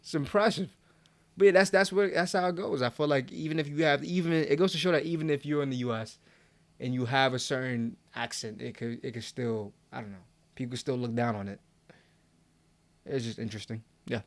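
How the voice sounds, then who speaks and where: A man's voice: mid-range voice, fairly quick, no room sound. A young man co-hosting a podcast, talking casually with slang and laughs. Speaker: podcast co-host.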